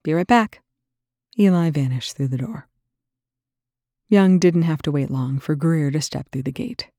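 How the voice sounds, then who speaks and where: A woman with a gravelly, husky voice reading a story aloud as narrator. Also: low voice, moderate pace, mellow, no room sound, clean studio sound. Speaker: audiobook narrator. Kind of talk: reading fan fiction aloud.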